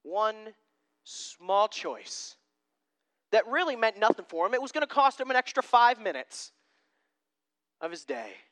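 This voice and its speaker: A young adult preacher giving an animated sermon, acting out scenes and dropping to a hush for emphasis. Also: medium pitch, a little slow, pauses often.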